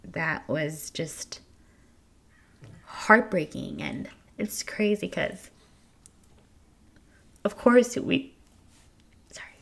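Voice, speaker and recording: A woman's voice: fairly low pitch, animated, drawn-out words, creaky, long pauses, fairly bright tone. A young woman, a new mother, candidly telling her birth story to viewers in a casual way, stumbling over repeated words. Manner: candid, repeats words when emotional, addresses viewers directly. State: tearful at times.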